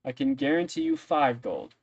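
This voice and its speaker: A man's voice: medium pitch, big pitch swings, normal speed, slightly rough, no echo, muffled recording. A man voicing a friendly, gossipy woman innkeeper who rambles with many fillers. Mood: chatty.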